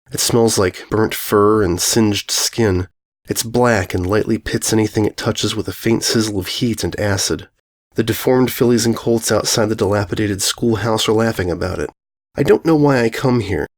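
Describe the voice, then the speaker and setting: A man narrating a first-person ghost story aloud, in a brooding, unhurried, musing way. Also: fairly low pitch. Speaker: audiobook narrator.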